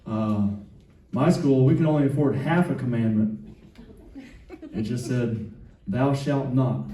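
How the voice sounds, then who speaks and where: A man's voice: medium pitch, unhurried, dark tone. Southern man in his fifties doing stand-up. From Atlanta, US South. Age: 50s. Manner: self-deprecating, rambling with asides to the crowd. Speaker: stand-up comedian. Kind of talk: live stand-up set. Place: club stage with live audience. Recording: echoey room, distant mic, crowd laughter.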